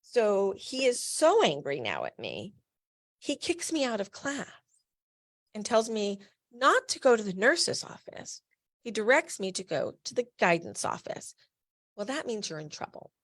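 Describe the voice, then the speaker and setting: A woman's voice: mid-range voice, wildly swooping pitch, measured pace. A middle-aged woman from New Jersey, a patient advocate and founder, tells a personal story in a candid, emphatic way with blunt asides.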